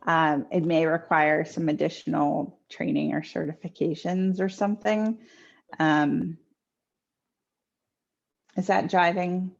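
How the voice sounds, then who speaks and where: A woman's voice: low-pitched, fairly even intonation, takes it slowly, vocal fry, pauses often, lo-fi sound. A woman medium giving live readings from home over a video call, chatty and hesitant with many ums. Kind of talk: live online intuitive readings. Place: home near a kitchen.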